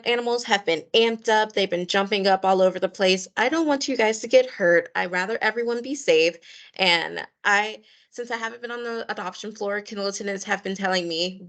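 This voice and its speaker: Gravelly woman briefing volunteers on a call. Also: medium pitch, fairly bright tone. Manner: friendly, repeats requests, many fillers. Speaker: volunteer coordinator. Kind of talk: online meeting briefing. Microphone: video call.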